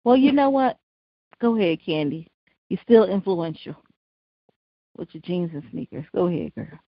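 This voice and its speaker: A woman co-hosting a casual podcast, giving relaxed opinions with lots of "like" and "you know". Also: lowish voice, no echo, dull audio. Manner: relaxed, drawn-out opinions with many fillers. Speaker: podcast co-host. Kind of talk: casual chat.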